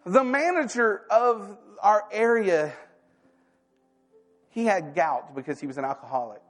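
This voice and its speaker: A man preaching a sermon, telling personal stories and acting out the dialogue with lively energy. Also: sits high, unhurried, faint music behind. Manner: animated storytelling, acting out quoted dialogue.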